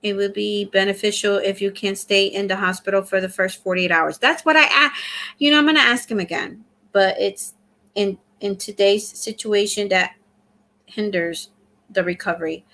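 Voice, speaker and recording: Middle-aged lady chatting on her livestream, bright clear voice, reads out comments n thanks ppl. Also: medium pitch, steady tone, moderate pace. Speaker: livestream host. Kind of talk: casual live chat.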